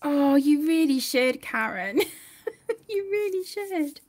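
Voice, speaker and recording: A woman's voice: high voice, animated, takes it slowly, darkish tone. A young woman hosting a colouring livestream from home, chatting and reading out viewer comments. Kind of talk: casual livestream chat.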